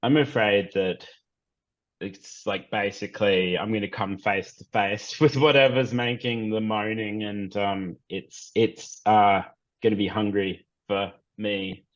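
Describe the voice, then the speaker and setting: A man playing a tabletop game, talking casually and haltingly about his moves. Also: lowish voice, steady tone, dull audio. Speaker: player.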